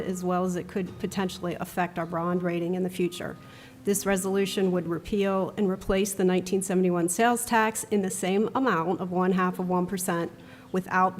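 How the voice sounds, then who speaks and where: A woman's voice: lowish voice, creaky, slight background noise. A woman county administrator giving a businesslike briefing at a hearing. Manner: flat, businesslike explanation. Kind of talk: formal briefing. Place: county meeting room.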